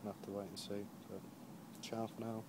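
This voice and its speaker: A man's voice: lowish voice, level tone, brisk. A young man from Jersey, a touring cyclist, telling a rambling casual video-diary story outdoors, worn out after a long day's ride. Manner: rambling storytelling, lots of "and I was like". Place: outdoors at a roadside camp. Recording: noisy outdoor camera recording.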